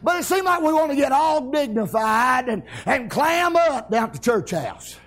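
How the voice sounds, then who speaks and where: A man preaching a revival sermon, hollering amens and shouting with exuberant celebration. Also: extremely high pitch, very animated, moderate pace.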